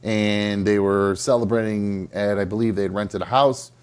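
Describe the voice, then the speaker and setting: A man with a somewhat low voice hosts a live talk show. He rambles casually, hedging with fillers and starting his sentences over. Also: steady tone, normal speed, darkish tone, clear, resonant tone. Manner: chatty, hedging, with fillers and restarts. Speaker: podcast host.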